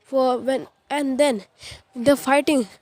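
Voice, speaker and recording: A woman's voice: high voice, fairly even intonation, slow pace, darkish tone, no echo. A woman casually retelling a fan-made ninja story, rambling with constant filler phrases and restarts.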